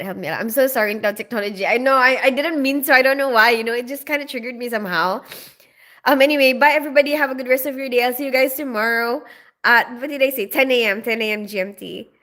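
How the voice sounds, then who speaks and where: A woman's voice: on the high side, fairly bright tone. A woman hosting a casual live stream, greeting viewers by name and chatting through their questions with frequent giggles. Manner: giggly, laughs often.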